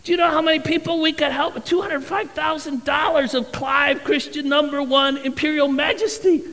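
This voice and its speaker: A male pastor preaching a sermon with animated, dramatic storytelling in a church sanctuary. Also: very high voice, moderate pace, gravelly, long reverb tail, rough recording.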